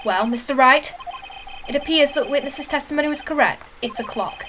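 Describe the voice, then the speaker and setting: A woman's voice: sits high, moderate pace, background noise, lightly acted. Woman playing a dithering old male judge. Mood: solemn.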